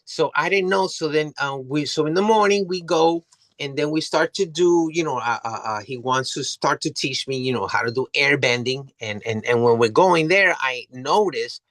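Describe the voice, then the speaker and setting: A man's voice: fairly high pitch, normal speed, fairly bright tone, dry recording. A man telling a story as an interview guest, rambling, restarting often and swearing freely. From New York City.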